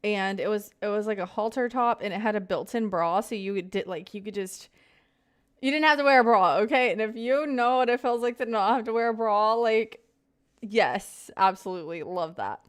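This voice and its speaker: A woman's voice: medium pitch, moderate pace, clear, resonant tone. A young woman in her twenties chatting casually on a live stream, greeting viewers by name and rambling through stories.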